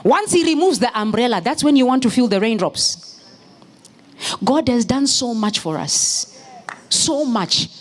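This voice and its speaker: A woman's voice: fairly high pitch, expressive, unhurried, long pauses. Fervent woman preaching a sermon. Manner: storytelling, rising to fervent shouted exhortation. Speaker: pastor's wife preaching. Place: church.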